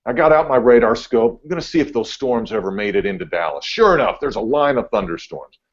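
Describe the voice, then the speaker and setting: A laid-back man, a TV meteorologist, telling a story on a podcast, getting animated as he goes. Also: medium pitch, a little fast. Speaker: TV meteorologist guest. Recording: dull lo-fi audio.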